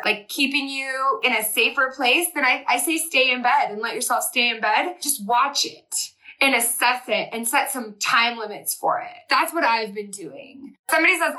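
A woman host and business coach giving a fast, chatty live-stream pep talk and reading viewer comments aloud. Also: high-pitched, bright, forceful tone, low-quality recording.

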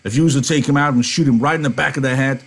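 A man's voice: mid-range voice, fairly even intonation, racing, pitched above the performer's own voice. A man voicing a blunt, heavy-set, pushy male ranch hand, reading a novel aloud in class. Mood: insistent. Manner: loud, insistent, hard-pressing delivery.

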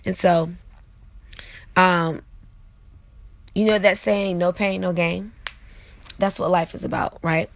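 A woman in her late twenties hosts her own vlog with a low voice and a gravelly edge to it. She chats casually to her viewers and uses plenty of fillers. The sound is dry and close, with no room echo. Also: steady tone, slow, pauses often. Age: late 20s. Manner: chatty, frequent fillers, talks to viewers directly. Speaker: vlog host. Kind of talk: casual motivational vlog monologue.

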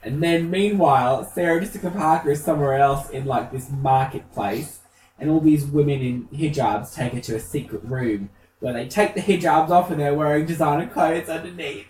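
A man's voice: medium pitch, moderate pace, darkish tone. Camp guy gossiping on a podcast, roomy echo, sounds kinda distant, light hiss. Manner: camp, gossipy storyteller, swears freely. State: feeling unwell. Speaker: podcast co-host. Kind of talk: casual chat.

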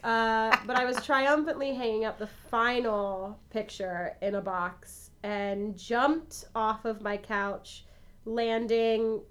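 Animated young woman telling a story. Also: a little high, slow pace, slight background noise. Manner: animated storytelling, self-mocking. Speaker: podcast co-host. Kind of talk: casual chat.

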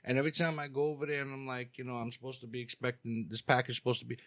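A man's voice: mid-range voice, flat delivery, very fast, crowd noise. A man co-hosting a podcast, complaining through a long anecdote with swearing and restarts. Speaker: podcast co-host. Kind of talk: casual crude chat. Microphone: studio microphone.

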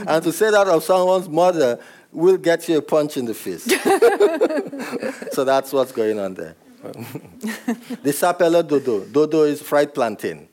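A man's voice: fairly high pitch, big pitch swings, a little slow, darkish tone. Nigerian novelist guy at a book event, laughs a lot, voice swings up and down. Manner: laughs often while explaining. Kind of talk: author talk answering audience questions. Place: event room with a live audience.

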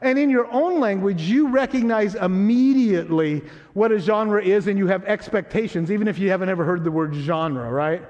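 High-voiced pastor in a reverberant hall. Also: male voice, normal speed, hardly any pauses, a little mellow, highs cut off. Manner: conversational, teasing, checks in with the congregation. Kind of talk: sermon. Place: church sanctuary.

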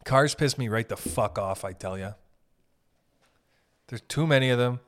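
A young man hosting a podcast, rambling through a profane, animated comedic monologue. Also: mid-range voice, unhurried. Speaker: podcast host.

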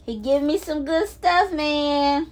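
A woman records herself on her phone, speaking in a very high voice and pouring out excited praise. She stretches words out and drifts into half-sung exclamations, taking it slow and unhurried. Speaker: vlogger. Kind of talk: excited casual vlog talk about faith.

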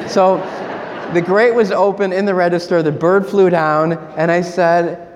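A male priest tells a lively, chatty story from the pulpit, with frequent laughs in his voice. His voice sits a bit high for a man. It rings out with long church reverb over a faint background hum. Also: normal speed. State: sick with a cold. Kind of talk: storytelling homily.

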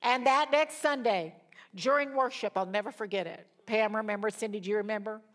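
A woman's voice: mid-range voice, fairly quick. An older woman teaching a Bible study in a sermon style, telling stories animatedly, laughing along, and acting out the voices of the people she quotes. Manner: animated storyteller who acts out quoted voices.

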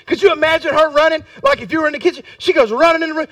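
A man preaching a sermon as a Baptist pastor, repeating his lines and building to fervent shouts. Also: extremely high pitch, expressive, fairly quick, dry recording, far from the mic.

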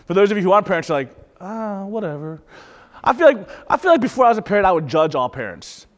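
A man's voice: high voice, sing-song, very fast, long reverb tail. A young man preaching a sermon in a conversational way, with rhetorical questions and light laughs. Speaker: pastor.

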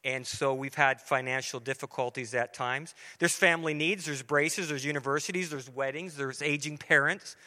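A man's voice: medium pitch, normal speed, few pauses, bright, forceful tone. A middle-aged man preaching a sermon in a church, talking earnestly and conversationally to the congregation. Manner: earnest, conversational, acts out dialogue. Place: church sanctuary. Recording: long reverberant hall.

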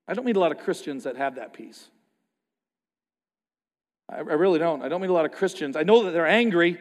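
High-voiced pastor preaching in a hall. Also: male voice, animated, normal speed, pauses often. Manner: passionate, swings from quiet to loud, acts out quoted voices. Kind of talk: sermon.

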